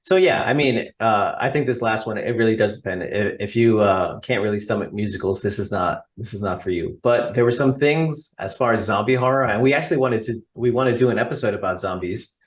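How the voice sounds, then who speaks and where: American male podcast co-host, low-ish voice, chatty and enthusiastic. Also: a little fast, few pauses. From United States. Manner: chatty and enthusiastic, many fillers. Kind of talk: casual chat.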